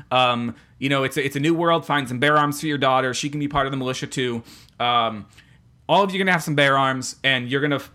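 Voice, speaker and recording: A man's voice: fairly high pitch, pushed and bright. A man co-hosting a casual comedy podcast, ranting in a sarcastic, mock-serious way. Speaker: podcast co-host.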